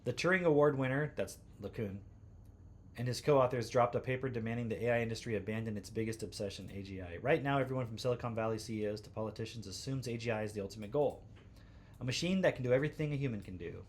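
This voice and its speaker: A man's voice: fairly low pitch, fast talker, a little mellow, a little hiss or hum. Sarcastic male livestream host. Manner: sarcastic, incredulous asides. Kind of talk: livestream commentary reading posts aloud.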